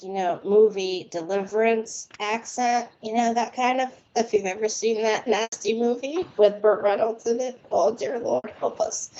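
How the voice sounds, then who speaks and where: An American woman with a medium-pitched, slightly mellow voice reads palms on a live stream, chatting and rambling and laughing often as she goes. She is a palm and tarot reader, heard over a muffled remote internet connection.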